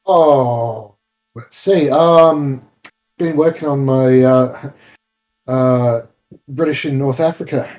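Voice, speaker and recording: A man co-hosting a podcast in easygoing chat, pausing often with ums and stumbling restarts as he thinks. His voice is mellow and dark, pitched at an ordinary level for a man. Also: poor audio. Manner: hesitant, halting, many ums. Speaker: podcast co-host. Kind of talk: casual chat.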